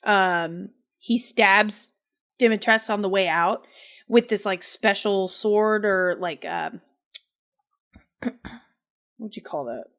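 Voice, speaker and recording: A woman co-hosts a podcast, casually recapping a game's story with lots of fillers and laughter. Her mid-range voice has a fairly bright tone, and she speaks slowly with frequent pauses.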